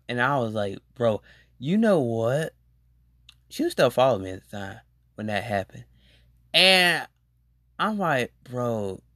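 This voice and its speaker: Animated young podcaster telling a story. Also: mid-range voice, no echo, studio quality. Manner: rambling and slangy, with animated exclaimed reactions. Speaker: podcast host. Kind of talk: casual storytelling monologue.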